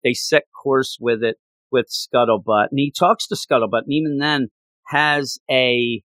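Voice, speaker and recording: A man chatting casually as a podcast host, reviewing a comic book with excited, gushing enthusiasm and lots of stumbling restarts. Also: medium pitch, unhurried, no echo.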